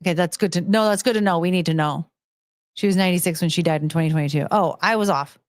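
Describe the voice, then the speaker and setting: A woman's voice: fairly low pitch, quick pace, no echo, clean studio sound. A woman streamer chatting casually and reading viewer messages aloud, rambling and laughing at herself often. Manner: rambling, giggly, self-mocking. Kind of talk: casual live-stream chat.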